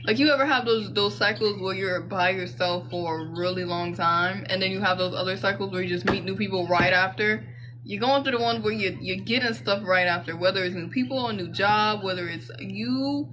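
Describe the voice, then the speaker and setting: A woman's voice: medium pitch, fairly quick, noisy background. A young woman doing a casual tarot reading, chatty and slangy, rambling into side stories. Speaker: tarot reader.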